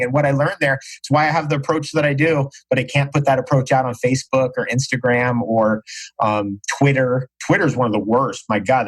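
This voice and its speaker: A man's voice: medium pitch, husky, rough recording. A man speaking as a podcast guest in casual interview talk, emphatic and repeating phrases for stress.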